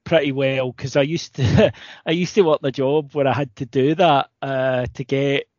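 A man's voice: mid-range voice, steady tone, moderate pace, darkish tone, no echo, lo-fi sound. A British man co-hosting a podcast, ranting and swearing in casual chat. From Britain. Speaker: podcast co-host.

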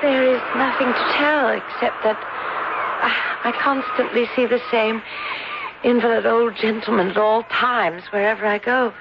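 A woman's voice: a little high, fairly even intonation, a little slow. A fragile melancholy young lady. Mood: wistful. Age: young adult. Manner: wistful, fragile. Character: delicate, pale, melancholy young lady in mourning. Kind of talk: 1940s radio acting. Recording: muffled old radio recording with hiss.

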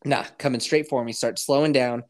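A man's voice: medium pitch, fairly quick. A man telling a comic story on a podcast in casual, profane chat, acting out everyone's reactions as he goes. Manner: animated, profane, acts out others' reactions.

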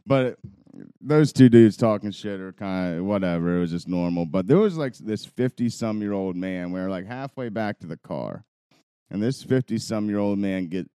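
A man's voice: fairly low pitch, dark tone, clear, resonant tone, no echo, studio quality. A young man co-hosting a podcast, telling a rambling, profane story with bursts of laughter. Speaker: podcast co-host. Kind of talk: casual storytelling chat.

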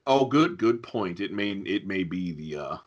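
A man co-hosting a casual podcast chat about old adventure games, wry and quick to laugh. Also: low-pitched, animated, lo-fi sound. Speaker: podcast co-host.

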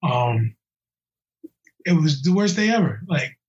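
A police officer being interviewed in a casual way, talking bluntly and heatedly with slang and halting restarts. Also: male voice, fairly high pitch, very animated. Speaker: police officer interviewed about a violent attack. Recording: muffled lo-fi audio.

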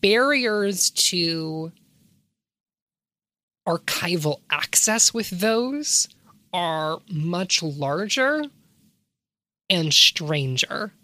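Low-voiced woman lecturing on games. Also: expressive, very slow, pauses often, bright, forceful tone, no room sound. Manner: academic, lecturing with rhetorical questions. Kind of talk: casual analytical discussion.

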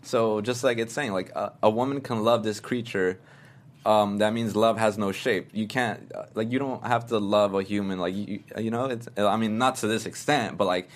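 A man's voice: lowish voice, fairly even intonation, normal speed. A young man telling a story in casual chat, rambling and earnest with lots of fillers.

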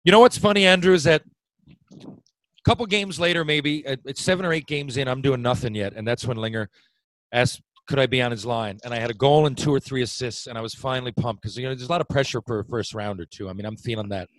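A man's voice: medium pitch, fast talker, dry recording, low-quality recording. Profane storytelling man, dry sound. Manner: animated, profane, swears freely. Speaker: retired hockey player, podcast guest storyteller. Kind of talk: casual storytelling chat.

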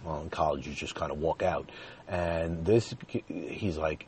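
A man's voice: a bass voice, fairly even intonation, unhurried, a little mellow, slight background noise. A man telling a personal story in a chatty way, talking straight to his viewers and chuckling now and then.

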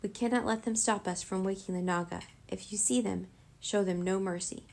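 A woman's voice: mid-range voice, fairly even intonation, moderate pace, gravelly, darkish tone, lightly acted, rough recording. A woman voicing a domineering male wizard villain in a children's storybook, cold and commanding. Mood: scheming.

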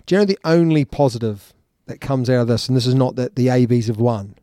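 A man's voice: medium pitch, fast, mellow, no echo, studio quality. A man, co-hosting a casual rugby podcast with joking, teasing banter. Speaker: podcast co-host. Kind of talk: casual chat.

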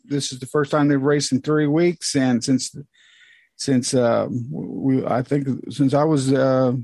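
A man co-hosting a casual motorsport chat, talking in halting stretches and restarting often. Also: medium pitch, steady tone, darkish tone, no room sound. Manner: halting, restarts often, plugs his website. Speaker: motorsport podcast co-host. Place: home, with dogs.

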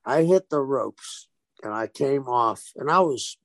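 Recorded dry, a former pro wrestler with a mid-range, slightly slow voice shares stories in a casual interview. He's animated, acting out the quoted lines as he goes.

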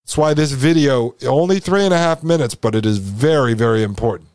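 A man's voice: mid-range voice, a little fast, a little mellow, dry recording, clean studio sound. A man hosting a podcast, commenting over a played video in an emphatic, insistent, repetitive way. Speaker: podcast host.

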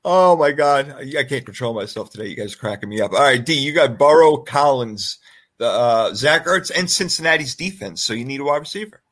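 Animated laughing male podcast co-host. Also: medium pitch, a little fast. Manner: laughs often, joking, animated. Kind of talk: casual fantasy football chat.

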